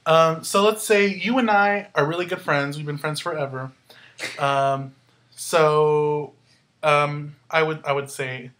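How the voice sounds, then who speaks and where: A woman's voice: low-pitched, steady tone, slow pace, a bit bright. A woman teaching a Spanish grammar lesson, upbeat and going through the verb endings step by step. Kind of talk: classroom-style grammar lesson.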